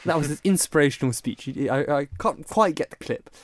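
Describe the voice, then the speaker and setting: A man's voice: a little high, lively intonation, a little fast, no room sound. A man hosting a casual political chat show, speaking in a mock-formal way and laughing often. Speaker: podcast host.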